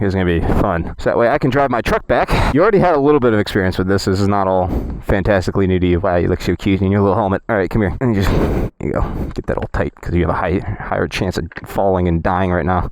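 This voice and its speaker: A man's voice: fairly low pitch, no echo. Rambling, joking young man vlogging outdoors. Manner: rambling, joking, self-interrupting. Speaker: motorcycle vlogger. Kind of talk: casual vlog chat. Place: outdoor parking lot. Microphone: action camera.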